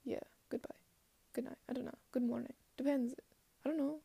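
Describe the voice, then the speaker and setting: A teenage girl rambles in a put-on Scottish accent with a dark, gravelly, fairly high voice that stays flat in tone. She talks down her own show and slips into hushed murmurs. The sound is close and dry. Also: a little fast, no echo. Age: late teens. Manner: rambling and self-deprecating, trailing into soft murmurs. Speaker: podcast host. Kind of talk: casual solo rambling.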